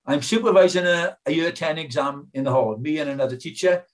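A man's voice: a little high, a little fast. An older British man preaching a sermon in an earnest, pleading way, asking his hearers many questions.

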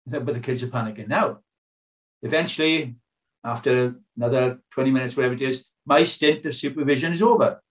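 An older British man preaching a sermon in an earnest, pleading way, asking his hearers many questions. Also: mid-range voice.

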